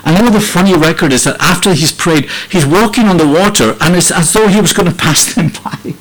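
A man's voice: high-pitched, fairly quick, a bit bright, slight background noise, poor audio. A middle-aged man preaching an earnest, heartfelt sermon, often repeating and restarting phrases.

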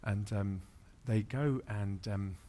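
A man's voice: fairly low pitch, takes it slowly, warm tone, a little hiss or hum. A man, a pastor, preaching through an anecdote, with many fillers and restarts. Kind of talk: sermon storytelling.

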